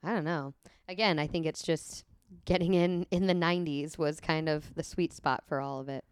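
A woman's voice: deep voice, fairly even intonation, moderate pace, smooth. A young adult woman co-hosting a casual chat podcast, making dry, wry remarks. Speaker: podcast co-host.

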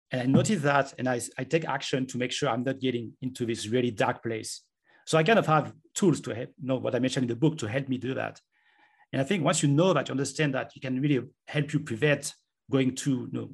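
In a conversational interview, an author and guest earnestly explains his ideas, talking himself through examples. His mid-range voice is gravelly and husky.

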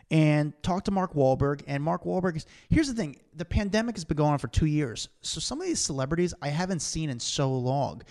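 A man's voice: medium pitch, gravelly, a little mellow. A man hosting a podcast, telling rambling stories full of fillers in a casual chat. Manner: rambling storyteller, filler-heavy. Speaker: podcast host.

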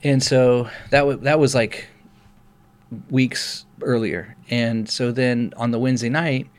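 A man's voice: medium pitch, slow pace. A middle-aged pastor telling a personal story in casual podcast chat, acting out the people he quotes. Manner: animated storyteller, acts out quoted voices.

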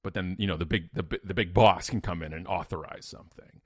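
A man, a podcast guest, telling a story in an emphatic, energetic way with sudden loud bursts. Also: low-pitched, fast talker, slightly rough, no echo, studio quality. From Canada. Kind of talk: animated storytelling in an interview.

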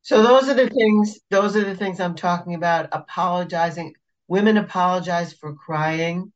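A woman's voice: lowish voice, moderate pace, dull audio. A woman podcast co-host who works as a facilitator, talking in a casual, emphatic and exasperated way. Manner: emphatic, exasperated about pet peeves. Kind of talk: casual chat.

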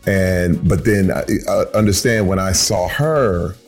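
Man, 50s, from Flint Michigan, low voice, hesitant, self-deprecating, faint music behind. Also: measured pace, vocal fry. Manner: hesitant, self-deprecating, many restarts and fillers. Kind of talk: casual storytelling chat.

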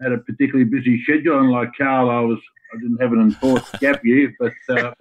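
A man's voice: medium pitch, little pitch movement, quick pace, poor audio. An older Australian man, a guest on a call-in chat show, talking in a florid way full of sayings and big words. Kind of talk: casual chat on a phone line.

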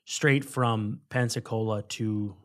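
A man's voice: on the low side, fairly even intonation, takes it slowly, a bit bright. A man co-hosting a baseball podcast, talking casually and rambling through scouting notes with frequent self-corrections. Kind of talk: casual sports chat.

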